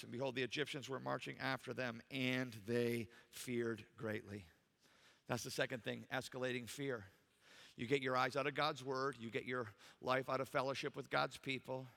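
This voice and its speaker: A man's voice: medium pitch, vocal fry, pushed and bright, in a large hall. A man preaching a sermon in a church, emphatic and full of rhetorical questions to the congregation. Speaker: pastor. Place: church sanctuary.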